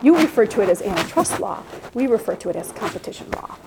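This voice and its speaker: Wry older Welsh professor, gently teasing, quoted by a woman, mid pitch. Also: big pitch swings, quick pace, creaky, noisy background.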